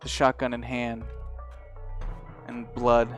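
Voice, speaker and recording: A man acting as game master, narrating a horror tabletop game in a low, measured way. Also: monotone, faint music behind.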